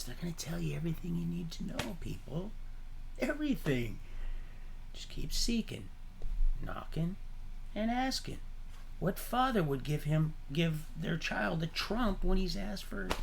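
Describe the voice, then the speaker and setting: Gravelly, lively man preaching on stream. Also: on the high side, a little slow, pauses often, slight background noise. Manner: animated, preachy, jumps between topics; laughs often at his own remarks. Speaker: livestream host. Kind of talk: rambling livestream monologue.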